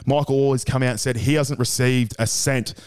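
A young Australian man co-hosting a podcast in casual chat, blokey and quick to swear and laugh. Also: mid-range voice, steady tone, darkish tone, clear, resonant tone. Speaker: podcast co-host.

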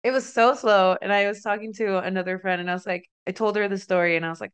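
A young woman from Mexico chatting on her podcast, her voice smooth and clear. She tells stories casually and acts out the quoted lines. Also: medium pitch, fast talker. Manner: chatty, animated storyteller who acts out quoted dialogue. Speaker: podcast co-host. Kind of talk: casual chat, storytelling.

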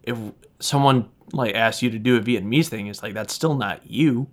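A man's voice: medium pitch, normal speed. A man with a Midwestern American accent, co-hosting a podcast in casual chat, loose and rambling and swearing freely. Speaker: podcast co-host.

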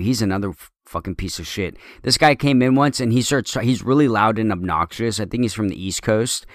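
A man's voice: fairly low pitch, fairly quick, hardly any pauses, no room sound, studio quality. A man co-hosting a podcast, telling a story in a heated, swearing, casual way. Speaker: podcast co-host.

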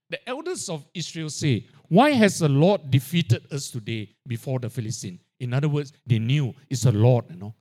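A man preaching a sermon, peppering his lines with "you know, right?" and dropping quiet on the tag-ons. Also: a little high. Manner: drops to a quiet aside on filler tags. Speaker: pastor.

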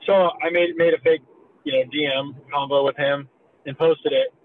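A man's voice: a little high, steady tone, normal speed. A man in his thirties telling a story in a casual, profane, laid-back way, as a guest. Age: 30s. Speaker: guest, meme creator. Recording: tinny phone line.

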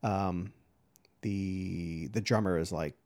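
A man co-hosting a casual movie podcast, jokey and quick to swear. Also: deep voice, fairly even intonation, a little mellow. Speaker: podcast co-host.

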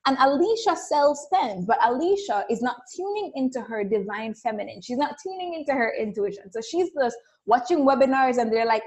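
Woman, fairly high voice, lively storytelling, motivational coach, casual. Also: fairly quick. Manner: animated storytelling, acts out quoted voices. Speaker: spiritual business coach.

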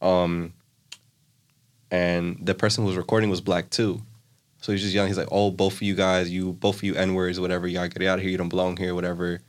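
A young man with a very deep voice tells a story in relaxed everyday chat. He rambles and circles back, leaning on filler words as he goes. The tone stays casual and conversational throughout. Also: brisk.

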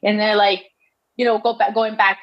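A woman's voice: medium pitch, flat delivery, normal speed, muffled recording. A woman in her thirties telling her own medical story in casual talk, often restarting and quoting doctors in her own voice. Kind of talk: personal storytelling.

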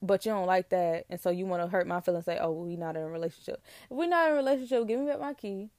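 A young woman, ranting about relationships in a sassy, emphatic, animated way. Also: lowish voice, fast, no echo, studio quality. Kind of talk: casual relationship rant to camera.

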